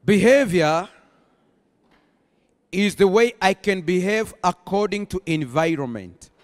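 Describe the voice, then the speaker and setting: A man preaching a sermon as pastor, rising into emphatic bursts and slowing to stress key phrases. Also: sits high, expressive. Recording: long hall reverb.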